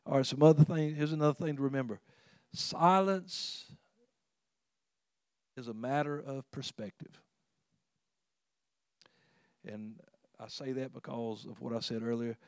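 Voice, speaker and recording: A man delivers a sermon in a conversational, earnest way. He restarts his phrases often and suddenly climbs in pitch and volume when he presses a point. The sound is dry and close, and his voice sits at an ordinary pitch. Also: unhurried, long pauses, a little mellow, no echo. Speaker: pastor.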